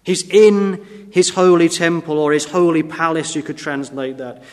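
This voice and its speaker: A man delivers an earnest, emphatic sermon in a fairly high voice. He swells loud on key phrases and drops low on others, and a long church reverb trails behind every word. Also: fairly even intonation, unhurried. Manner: earnest, emphatic preaching with sudden rises and drops in volume. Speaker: preacher.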